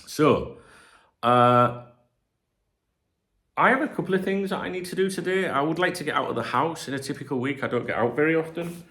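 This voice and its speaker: A channel host in his forties from the north of England, with a Northern English accent, chats casually while hosting a home livestream. His voice is a little high and a bit bright, fairly quick but broken by frequent pauses, and he rambles, swears and jokes around.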